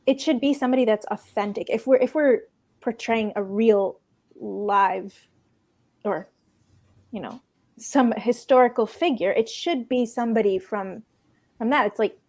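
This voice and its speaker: A woman speaking as a panelist in a discussion, earnest and halting, often restarting her sentences. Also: a little high, a little mellow.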